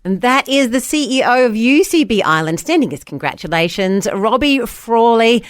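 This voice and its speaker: A woman's voice: a little high, sing-song, normal speed, no room sound, studio quality. Cheerful woman radio co-host. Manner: cheerful, affirming. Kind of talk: breakfast radio chat.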